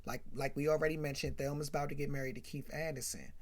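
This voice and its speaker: A man hosting a casual rant in which he recaps a sitcom episode, talking in an animated, chatty way full of "you know" and "right?". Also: a little high, fast. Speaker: commentary host.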